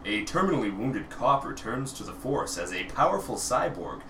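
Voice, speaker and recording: A man's voice: mid-range voice, very animated, moderate pace, fairly bright tone, reverberant, recorded from a distance, slight background noise. A man co-hosting a casual movie podcast, chatty and laughing, sharing film trivia. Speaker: podcast co-host.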